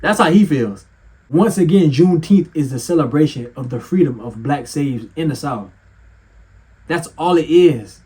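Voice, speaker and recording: A man giving heated reaction commentary with a mocking, animated manner, swearing and laughing often. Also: on the high side, normal speed, breathy edge.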